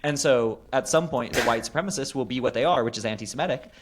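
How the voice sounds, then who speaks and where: A man's voice: mid-range voice, fast talker, noisy background. A man hosting a casual political talk show, ranting sarcastically with frequent swearing. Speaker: podcast host.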